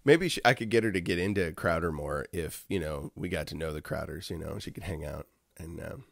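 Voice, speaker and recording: Low gravelly-voiced man chatting on a livestream. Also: fairly quick, dry recording, clean studio sound. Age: adult. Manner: rambling, chuckling often, many ums. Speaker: livestream host reading chat. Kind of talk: casual livestream chat.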